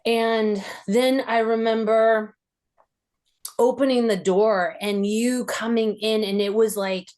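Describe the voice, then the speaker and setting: A woman hosting a podcast interview, recalling a personal memory in a reflective, halting way with many fillers, her voice rising as she relives tense moments. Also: on the high side, fairly even intonation, darkish tone. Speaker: podcast host.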